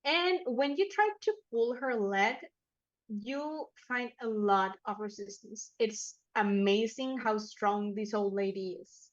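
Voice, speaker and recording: A woman narrating a tabletop horror game as game master, talking casually with fillers and quick self-corrections. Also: medium pitch, lo-fi sound. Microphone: headphones and microphone.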